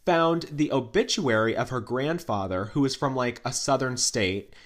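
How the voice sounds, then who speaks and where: A podcast co-host telling celebrity gossip in a casual, dramatic way, full of fillers and asides. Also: male voice, medium pitch, normal speed. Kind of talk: casual pop culture gossip chat.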